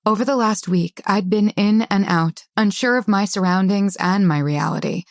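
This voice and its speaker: A woman narrating an audiobook in a tense, measured first-person style. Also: medium pitch, dry recording, studio quality.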